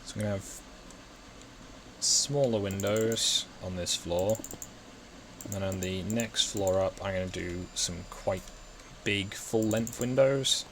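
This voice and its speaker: A gaming video host from England's West Midlands chats casually, thinking aloud about his building plans in a low, easygoing, fairly bright voice. He's slow and pauses often, rambling, correcting himself and mocking his own mistakes. Faint hiss and keyboard clicks run underneath.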